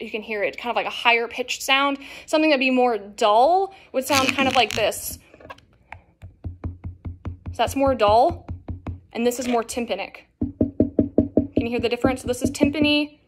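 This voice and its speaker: A young woman with a slightly high voice teaches a nursing assessment as she demonstrates on a partner. She talks in a casual, explanatory way, full of fillers and quick restarts. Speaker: nursing instructor. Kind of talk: demonstration lesson.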